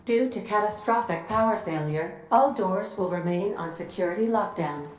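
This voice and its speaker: A woman's voice: medium pitch, normal speed, reverberant, slight background noise, close to an everyday voice, rough recording. A woman voicing a female ship's computer AI in a video game, making polite, matter-of-fact announcements. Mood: dry. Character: calm female ship computer AI.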